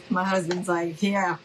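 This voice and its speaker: A woman's voice: mid-range voice, fairly bright tone, poor audio. A middle-aged woman hosting a casual live crafting demo, chatty and friendly, calling her viewers y'all. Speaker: craft tutorial host.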